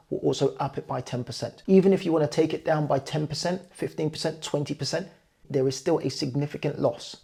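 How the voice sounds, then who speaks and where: A man with a gravelly, husky voice explains numbers to his viewers in an earnest, emphatic way. His tone is mellow and sits a little high for a man. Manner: earnest, emphatic with figures, addresses viewers directly. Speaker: property investor and channel host. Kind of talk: explanatory talk to camera.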